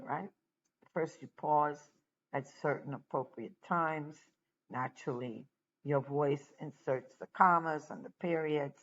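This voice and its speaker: Deliberate teacher, gravelly, unhurried, pausing often, lo-fi recording. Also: mid-range voice. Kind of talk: slow spoken lesson.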